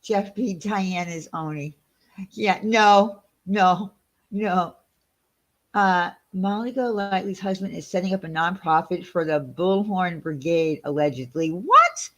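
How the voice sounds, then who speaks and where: A woman hosting a channel in a casual livestream chat. She talks in an animated, indignant, gossipy way. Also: fairly low pitch, a little slow. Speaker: channel host.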